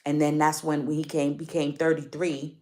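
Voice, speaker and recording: A woman's voice: low voice, little pitch movement, moderate pace, a little mellow. A woman giving a casual spiritual card reading to her viewers. She speaks emphatically, repeats her points and often asks if they follow her.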